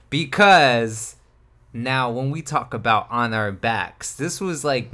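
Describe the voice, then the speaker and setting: Relaxed man co-hosting a podcast. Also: mid-range voice. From Colorado. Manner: relaxed, enunciates carefully. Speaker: podcast co-host. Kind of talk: casual chat.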